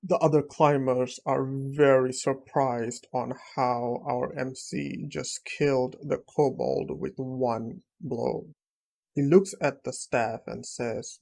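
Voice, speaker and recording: A man's voice: medium pitch, steady tone, takes it slowly, creaky, darkish tone, low-quality recording. A man narrating a comic story recap in a plain, matter-of-fact way.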